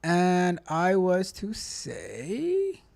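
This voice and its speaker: Tech coach guy on a livestream, very animated pitch, joking with chat, pep-talk vibe. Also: very slow, gravelly. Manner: playful, repeats himself a lot. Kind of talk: casual livestream chat with viewers.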